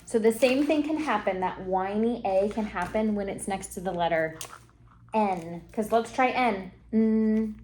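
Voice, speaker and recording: A woman reading teacher giving a one-on-one phonics lesson, encouraging and modelling sounds slowly for a young reader. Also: mid-range voice, darkish tone, slight background noise.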